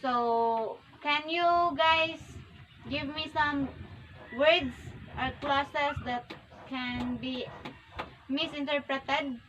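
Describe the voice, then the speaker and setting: A young woman giving a demo classroom lesson, explaining slowly with frequent restarts and repetition. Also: high voice, fairly bright tone, highs cut off, slight background noise. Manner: slow, repetitive, self-correcting classroom explanation. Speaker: teacher. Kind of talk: demo micro-teaching lesson.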